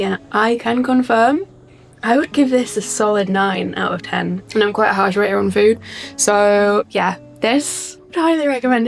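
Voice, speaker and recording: A young woman chatting casually in a home vlog, enthusiastic and sometimes dropping to a soft hush. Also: medium pitch, gravelly. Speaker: vlogger. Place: cosy home reading corner.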